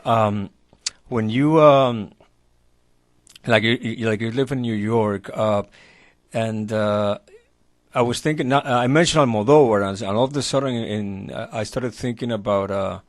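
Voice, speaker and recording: Halting male interview host. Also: lowish voice, no room sound. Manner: halting, many uhs and repeated words. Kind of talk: casual interview questions.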